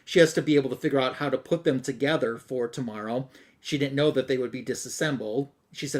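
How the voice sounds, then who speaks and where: A man casually retelling a comic book story as a show host, slipping quick quoted lines into his chatty recap. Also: medium pitch. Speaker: podcast host.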